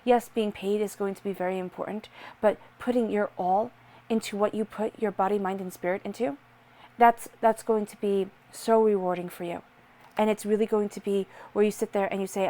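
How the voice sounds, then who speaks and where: A woman's voice: mid-range voice, fairly even intonation, moderate pace, dark tone. A woman talks the listener through a tarot spread. She speaks in an earnest, reassuring way and addresses the listener directly. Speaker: tarot reader. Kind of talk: tarot reading to camera.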